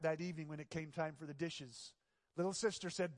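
Male pastor, sermon, storytelling delivery, emphatic repetition, high voice, long reverb. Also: fairly even intonation, fairly quick.

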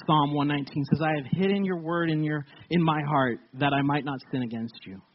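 A man's voice: on the high side, brisk, husky, lo-fi sound. A man preaching a casual sermon to his church, joking and laughing as he talks. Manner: conversational, joking, laughs often. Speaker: pastor.

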